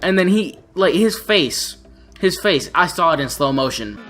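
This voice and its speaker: A man's voice: fairly high pitch, expressive, unhurried, a bit bright, slight background noise. A young man telling a story on his vlog in a brash, profane way. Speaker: vlogger.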